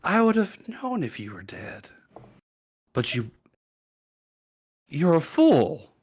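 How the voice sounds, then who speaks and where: A man voicing a scheming male villain cleric who keeps secrets, talking softly and savoring his threats in a tabletop game. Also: a little high, huge pitch swings, slow, husky, pitched above the performer's own voice, heavily acted. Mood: sneering. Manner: soft, menacing, savoring.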